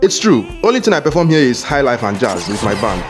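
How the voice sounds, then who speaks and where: A man's voice: mid-range voice, very animated, fast, over music. A man with a Nigerian accent telling a comic story, playful and dramatic. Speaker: comedic storyteller. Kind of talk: comedy skit narration.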